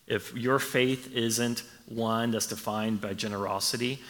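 A man's voice: medium pitch, fairly even intonation, measured pace, fairly bright tone, in a large hall. A man preaching a sermon as pastor, talking conversationally and repeating his questions for emphasis. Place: church.

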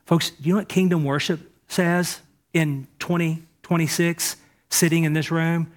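A male pastor preaching a sermon to a church, impassioned, moving between loud urging and hushed speech. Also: on the high side, steady tone, normal speed.

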